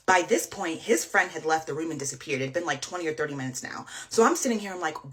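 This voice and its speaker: A woman's voice: fairly low pitch, animated, quick pace, hardly any pauses, a bit bright. A young woman telling a personal story in a casual storytime way, emotional and full of "like" fillers.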